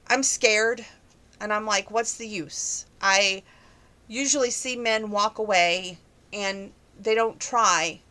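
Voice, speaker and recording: A woman's voice: a little high, pushed and bright. A young woman answering viewer questions in a casual, opinionated chat that grows heated on some topics.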